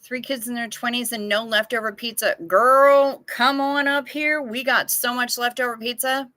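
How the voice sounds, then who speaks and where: A woman's voice: a little high, fairly even intonation, moderate pace, sharp tone, no echo. A woman hosting a casual livestream, chatting frankly and swearing freely as she answers viewer comments. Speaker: livestream host.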